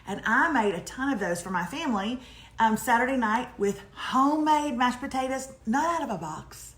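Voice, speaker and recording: Woman, forties, chatty storyteller, fairly high voice, echoey room. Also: lively intonation, normal speed, a bit bright. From Texas. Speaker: co-host of a morning live show. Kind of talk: casual live chat.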